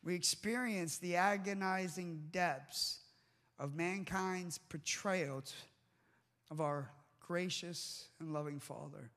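A man's voice: high-pitched, slow pace, fairly bright tone. A man preaching a sermon with fervent emphasis and restarts, before a live congregation in a large hall. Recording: long hall reverb.

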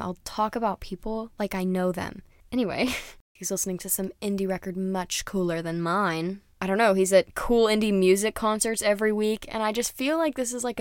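A woman's voice: mid-range voice, a little mellow, no room sound, studio quality. A young woman chatting casually as a music reviewer, rambling and dropping into whispered asides. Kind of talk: casual chat.

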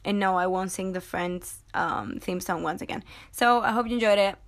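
A woman's voice: medium pitch, normal speed. Woman, solo podcast host; casual, sarcastic, laughs often while reading comments aloud.

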